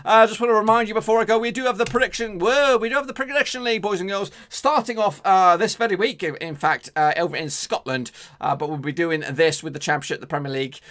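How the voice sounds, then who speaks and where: A man's voice: sits high, fast, a bit bright. A man hosting a casual football predictions show, chatty and rambling with many fillers and restarts. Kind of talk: casual football betting preview.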